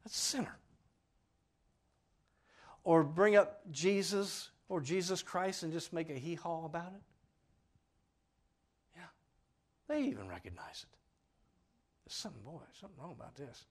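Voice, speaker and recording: A man preaching a sermon, emphatic and full of questions to his listeners, swinging between loud declarations and hushed asides. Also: on the high side, lively intonation, normal speed, pauses often.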